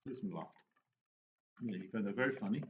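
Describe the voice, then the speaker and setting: A man telling anecdotes and giving advice in a relaxed, casual monologue, often restarting his sentences. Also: on the low side, fast talker. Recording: dull lo-fi recording with faint noise.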